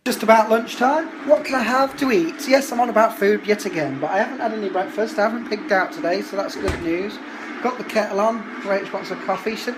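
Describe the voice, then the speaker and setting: A man's voice: sits high, animated, a little fast, background noise. Chatty man vlogging at home. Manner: chatty, grumbling, indignant asides. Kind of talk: casual vlog chat. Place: family home. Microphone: phone held at arm's length.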